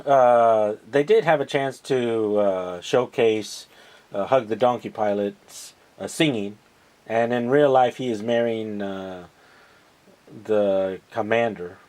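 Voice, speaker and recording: A man recapping TV episodes in a casual, rambling way, sarcastic and mocking, halting over many fillers. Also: lowish voice, darkish tone. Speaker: podcast host recapping TV episodes.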